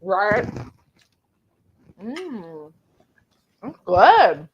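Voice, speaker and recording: A woman co-hosting a live cooking stream, reading viewer comments aloud. She talks slowly and unhurriedly, with plenty of ums. Her voice sits at an ordinary pitch. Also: sing-song, husky, highs cut off. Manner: slow, unhurried, lots of ums. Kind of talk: casual chat, reading out chat comments.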